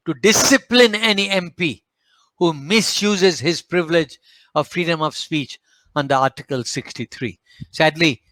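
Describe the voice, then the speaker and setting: A man with a Malaysian English accent giving a formal slide presentation in a measured, emphatic lecturing manner with occasional hesitations. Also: a little high, fairly bright tone, dry recording. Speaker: speaker at a panel forum.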